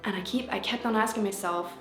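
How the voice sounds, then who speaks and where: A woman vlogger telling a personal story to camera in a casual, animated way, acting out what was said. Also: medium pitch, fast talker. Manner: animated, acts out quotes in changing voices. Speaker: vlogger and life coach. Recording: echoey room with faint background music.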